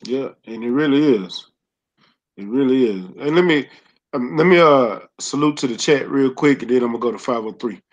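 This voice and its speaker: A man hosting a casual live stream, laid-back, giving shout-outs to the chat. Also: medium pitch, normal speed, highs cut off. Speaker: host.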